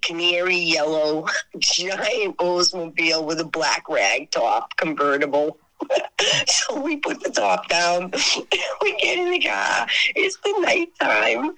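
A woman with a bright, forceful voice tells stories in a casual interview. She rambles with lively energy and breaks into laughter often. She sounds like the rock singer she is. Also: lowish voice, takes it slowly, rough recording.

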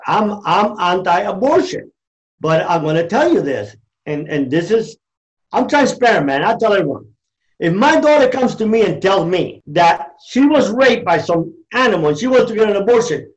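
Middle-aged man, high voice, emphatic and preachy, slightly muffled recording. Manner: fervent, preachy, emphatic, loose and conversational. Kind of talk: passionate conversational talk.

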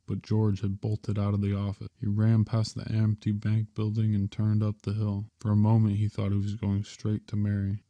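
A man reading a story aloud as narrator, in a steady storytelling manner. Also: fairly low pitch, dry recording, highs cut off. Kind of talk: audiobook narration.

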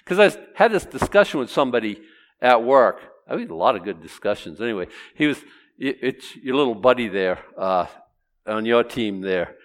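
A man with a medium-pitched, sing-song voice at moderate pace preaches a chatty Bible lesson, questioning his listeners and acting out each quote he reads.

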